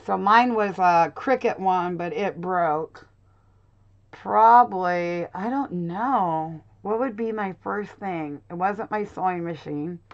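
A woman's voice: on the low side, slow. Middle-aged woman, craft room host, loose rambling chat, dull home recording. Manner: chatty, laughs often, talks to viewers by name. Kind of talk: casual chat with live viewers.

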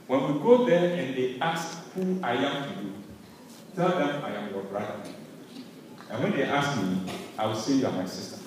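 Guy doing abraham, anxious, kinda lower and softer, echoey hall sound. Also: moderate pace, far from the mic, slight background noise, lightly acted. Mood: pleading. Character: worried Abraham scheming with his wife.

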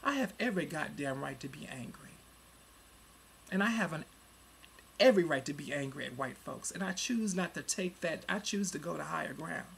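40s person ranting at the webcam, rough gravelly voice, lots of cussing, goes loud then mutters low. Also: expressive, moderate pace. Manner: profane and heated, swinging between loud outbursts and low muttering. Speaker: vlogger. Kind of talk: angry webcam rant. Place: at home in front of a computer.

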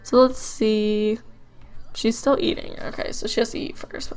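A woman's voice: on the high side, little pitch movement, a little slow, a little mellow. A woman giving casual gameplay commentary as a let's play host, chatty and musing aloud with frequent ums and likes.

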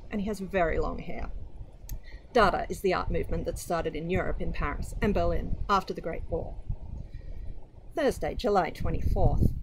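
A woman reads a short story aloud, voicing its terse diary entries with lively expression. Her voice sits at an ordinary middle pitch. A clear hiss and occasional clicks run under the recording. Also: poor audio. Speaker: reader.

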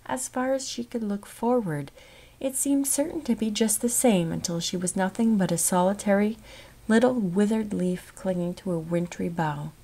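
Expressive woman reading a novel aloud. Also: medium pitch. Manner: measured, expressive reading with soft whispered moments. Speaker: audiobook narrator. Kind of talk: scripted narration.

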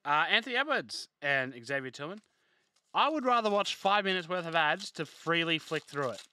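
A young man running a live card break stream, rattling through player names between bits of casual chat. His voice is very bright and ringing and sits a touch high, and the recording is close and dry with almost no room sound. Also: animated, moderate pace, no echo. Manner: rattles off player names while chatting with viewers.

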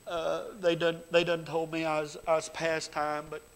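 A man's voice: fairly high pitch, monotone, normal speed, low-quality recording. Fervent preacher man. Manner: folksy storytelling with Southern grammar, rising to fervent loud exhortation. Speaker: pastor. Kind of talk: sermon. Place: church sanctuary.

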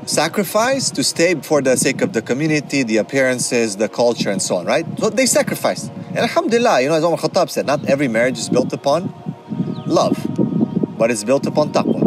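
Man, casual religious talk, mid-pitched voice, conversational, clear music behind. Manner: conversational, often asks "right?", mixes Arabic terms. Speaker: Islamic speaker and counselor.

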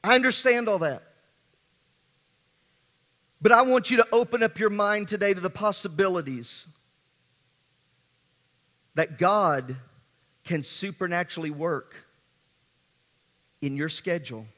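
A man preaching a sermon as pastor, swinging between hushed and emphatic delivery in a church sanctuary. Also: high voice, measured pace, pauses often. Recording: long hall reverb.

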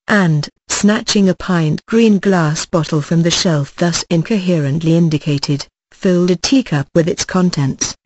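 Audiobook narrator, classic novel reading, measured even delivery, mid pitch, dry close recording. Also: no echo, rough recording.

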